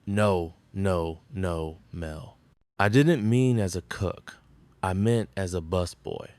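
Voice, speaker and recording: A smug, condescending rival restaurateur in a sitcom. He speaks slowly in a lowish voice, bragging and talking down to his listener. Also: a little mellow, no echo. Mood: mocking. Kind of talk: sitcom acting.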